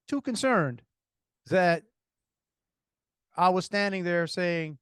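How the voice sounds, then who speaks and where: Telling a long story on a podcast, a Louisiana co-host with a Cajun accent speaks in a fairly high, clear, resonant voice. He is animated and rambling, full of restarts, yet slow with long pauses, and the sound is close and dry without echo.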